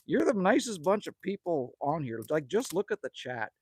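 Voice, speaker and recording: A man's voice: on the high side, big pitch swings, moderate pace, husky, no echo. A man from Manitoba, Canada, chatting casually on a livestream from a cabin, rambling, joking and reading chat messages aloud. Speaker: livestream host. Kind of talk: casual live-stream chat. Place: indoors at a cabin with a wood stove.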